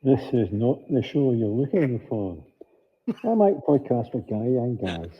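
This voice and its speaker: A man with a Scottish accent doing a Darth Vader impression in a listener's audio bumper, slow and threatening, through a tinny phone-like recording. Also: mid-range voice, very animated, slightly rough. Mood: menacing. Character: Darth Vader impression, menacing male dark lord.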